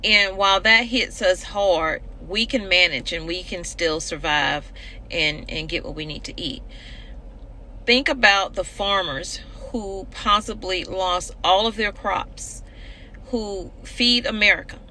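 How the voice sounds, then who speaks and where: A woman's voice: medium pitch, slow pace, bright, forceful tone, slight background noise, low-quality recording. A woman homesteading vlogger speaking straight to her viewers in an earnest, urgent way, repeating her points for emphasis. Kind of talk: earnest direct-to-camera vlog.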